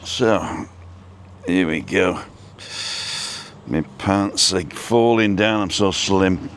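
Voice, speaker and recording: A man's voice: sits low, very slow, slight background noise. A man hosting a live stream, chatting casually and rambling while he walks outdoors, talking into a phone on a selfie stick and greeting viewers by name. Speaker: vlog host. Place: outdoors, walking down a street.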